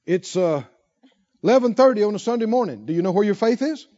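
A man's voice: sits high, animated, fast talker, warm tone, highs cut off. A man preaching a sermon, asking rhetorical questions and repeating lines for emphasis. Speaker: pastor.

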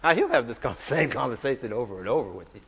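A male preacher delivering a sermon. He swings between emphatic, shouted declarations and relaxed, chatty storytelling. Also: medium pitch, fast talker, husky. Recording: reverberant hall, dull lo-fi sound.

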